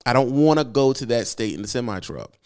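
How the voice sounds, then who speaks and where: A man's voice: medium pitch, expressive, fairly quick, noisy background. A man, a truck driver, rants casually on his own channel, emphatic and repeating himself for effect. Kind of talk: casual vlog rant.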